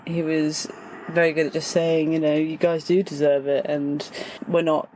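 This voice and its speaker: A woman's voice: deep voice, level tone, moderate pace, mellow, a little hiss or hum, low-quality recording. A young British woman, a podcast guest, chiming in with short remarks in casual talk. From Britain. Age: young adult. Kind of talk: casual conversation.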